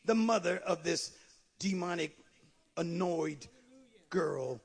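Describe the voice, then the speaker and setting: A man preaching a sermon, swinging from shouted lines to low asides. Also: slow, vocal fry, slightly rough. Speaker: pastor.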